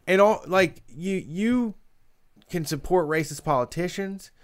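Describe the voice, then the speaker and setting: A man co-hosting a casual chat show, talking emphatically and fast with many fillers. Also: high-pitched, clean tone. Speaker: podcast co-host.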